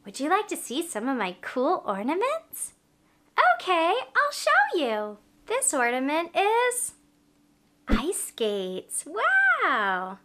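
A woman in her thirties hosting a children's educational video, with an animated, slow and clear sing-song delivery for toddlers. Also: sits high. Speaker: preschool teacher host.

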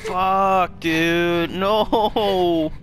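Bright-voiced young man swearing through a playthrough. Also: high-pitched, fairly even intonation, drawn-out words. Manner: emotional, swears constantly, reads on-screen text aloud. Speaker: gaming channel host. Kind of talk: game playthrough reaction.

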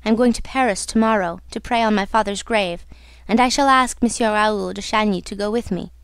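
A woman's voice: medium pitch, brisk, clean tone, no room sound, natural voice. A woman reading the part of a young woman singer, telling her love her story in an intimate, earnest way. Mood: anxious.

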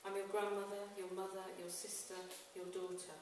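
A woman hosting a live poetry event, chatting casually with pauses, then reciting her own poems with rhythmic emphasis. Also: mid-range voice, monotone. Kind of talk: live spoken-word poetry and compering. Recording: echoey room, far from the mic, audible noise.

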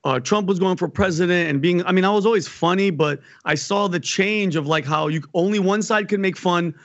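A male comedian talks in a casual interview, with a notably high voice for a man. He rambles energetically and repeats words as he tells stories. The sound is dry and slightly dull, with a lo-fi quality. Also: fairly quick, dry recording. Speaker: guest comedian.

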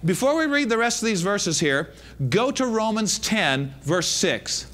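High, bright-voiced preaching man. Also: very animated, unhurried. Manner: emphatic preaching with repeated phrases and call-outs to the congregation. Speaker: pastor. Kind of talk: sermon.

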